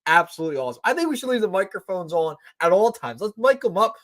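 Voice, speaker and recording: High-pitched guy getting all worked up on a sports pod, bouncy voice. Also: fast talker, dry recording. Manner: excitable, repeats himself for emphasis. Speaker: podcast co-host. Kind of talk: casual sports chat.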